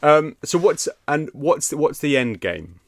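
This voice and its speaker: A man's voice: on the high side, big pitch swings, takes it slowly, no echo. A man hosting a podcast, asking loose, hesitant questions with frequent laughs. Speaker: podcast host interviewing. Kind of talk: casual comedic podcast chat.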